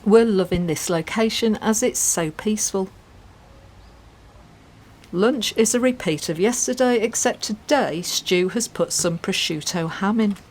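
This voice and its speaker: A woman's voice: mid-range voice, unhurried, a little mellow, a little hiss or hum. A woman from the UK vlogging a van trip, chatting and laughing casually. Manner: giggly, chatty. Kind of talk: casual travel chat and voice-over.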